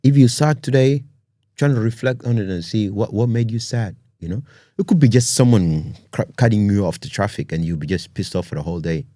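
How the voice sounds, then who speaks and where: A man with a very low, mellow voice hosts a podcast and talks in an easygoing but earnest way. He often tags his thoughts with "you know" and "man". The sound is close and dry. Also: expressive, a little fast, no echo. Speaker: podcast host. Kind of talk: casual podcast monologue.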